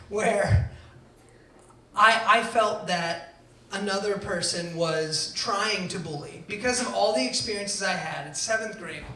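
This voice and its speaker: A man telling a true personal story to a live audience, acting out quoted lines and swinging between hushed and loud delivery. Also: high-pitched. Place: event venue before an audience. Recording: roomy venue, voice from far off.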